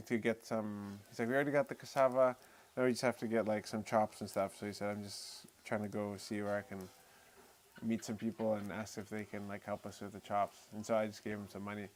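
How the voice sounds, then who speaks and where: A man's voice: fairly low pitch, moderate pace. Casual rambling man. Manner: relaxed, rambling, lots of fillers like "you know" and "eh". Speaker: host of a live talk stream. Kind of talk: casual storytelling chat.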